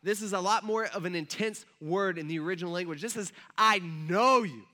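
A man's voice: sits high, quick pace, a bit bright. A male pastor giving a casual, conversational sermon with asides to his congregation.

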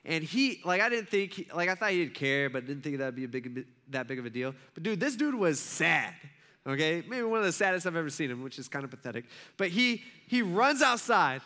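A man's voice: fairly high pitch, sing-song, a little fast, pushed and bright. A man in his thirties preaching a sermon, telling a family story in a loose, conversational way full of fillers and restarts. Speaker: pastor.

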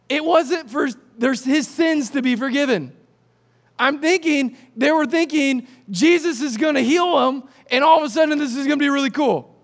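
A man's voice: very high-pitched, a bit bright. A man preaching a sermon, retelling a scripture story with jokes and acted-out voices. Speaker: pastor.

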